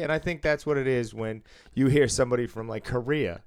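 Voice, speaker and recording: A man's voice: medium pitch, fast, clean tone. A man from Massachusetts with a Boston accent, chatting casually, swearing freely and laughing often. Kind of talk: casual chat.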